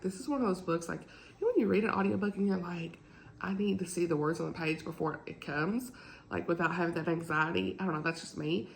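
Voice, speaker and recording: A woman's voice: creaky, slight background noise, low-quality recording. A woman, chatting casually and rambling about books in a book vlog from home, laughing often. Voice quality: deep morning voice. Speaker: book vlogger. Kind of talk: casual chat.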